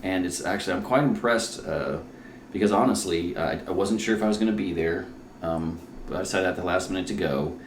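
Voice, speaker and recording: Brief: male comedian guest, deep low voice, self-mocking and profane, echoey home setup. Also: brisk, slight background noise. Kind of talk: casual podcast chat. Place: his own house.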